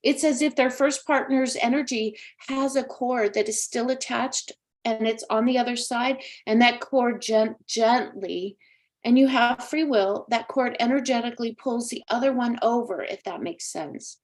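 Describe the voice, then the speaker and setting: A woman's voice: fairly high pitch, moderate pace. A woman in her sixties hosting a live psychic talk show, chatty, emphatic and emotional. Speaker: psychic medium host.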